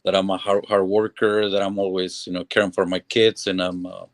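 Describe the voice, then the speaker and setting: A man talking earnestly and haltingly on a radio show. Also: low-pitched, little pitch movement, dry recording. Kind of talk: casual talk radio chat. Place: talk radio studio.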